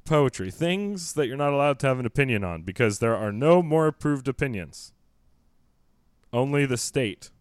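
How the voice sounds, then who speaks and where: A man's voice: mid-range voice, lively intonation, a little fast, hardly any pauses, smooth, no echo, studio quality. A man co-hosting a podcast, riffing in a wry, mock-serious way through casual comedic chat. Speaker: podcast co-host.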